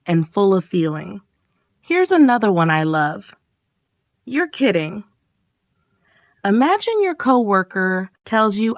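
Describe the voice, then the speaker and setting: A woman's voice: mid-range voice, dry recording. A woman teaching English in a scripted lesson, her voice swinging up and down as she acts out example reactions. The sound is dry and close, with no room around it.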